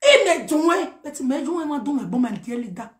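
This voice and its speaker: Nigerian woman, high voice, heated direct message, animated, roomy echo. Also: fairly quick. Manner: heated, animated, mixing pidgin and a local language. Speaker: social media personality.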